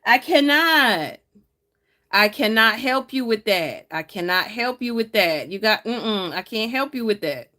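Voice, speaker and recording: Woman w/ chatting w/ her live chat while decorating her planner, teasing folks, laughing a lot, mid pitch. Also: expressive, moderate pace, hardly any pauses, sharp tone.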